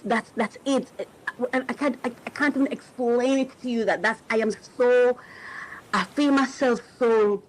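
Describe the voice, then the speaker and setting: On her podcast, a middle-aged host and coach reflects on faith for her listeners, sounding emotional and searching and frequently starting over while reaching for the right words. Her voice is on the high side, and the audio is poor.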